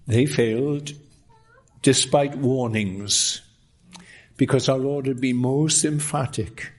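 A man preaching a sermon, emphatic, with rising exclamations and lines that drop to a hush. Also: mid-range voice.

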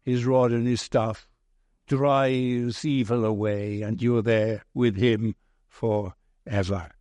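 A man preaching a sermon slowly and deliberately, telling a gentle humorous story along the way. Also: medium pitch, fairly even intonation, no room sound.

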